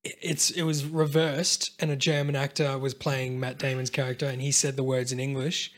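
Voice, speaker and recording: A man's voice: mid-range voice, level tone, moderate pace. A young man in casual podcast chat, laid-back and eager, asking lots of questions. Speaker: podcast co-host.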